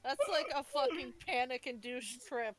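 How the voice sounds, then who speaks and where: A woman's voice: high voice, moderate pace, a loud crowd. A woman playing a tabletop game, joking around and swearing casually with the group. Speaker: player.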